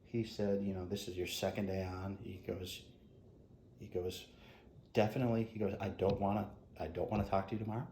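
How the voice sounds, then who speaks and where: A middle-aged man, a retired police officer, frankly recounting his experiences in an interview with halting restarts. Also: low-pitched, fairly even intonation. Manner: halting, frank, drops soft quoted asides. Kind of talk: interview storytelling. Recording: echoey room with faint noise.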